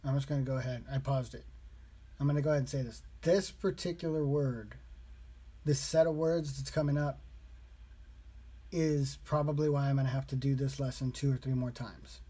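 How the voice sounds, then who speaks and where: Husky man repeating practice phrases. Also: mid-range voice, fairly even intonation, moderate pace, dark tone. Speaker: language learner vlogger. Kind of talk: casual self-taught lesson vlog.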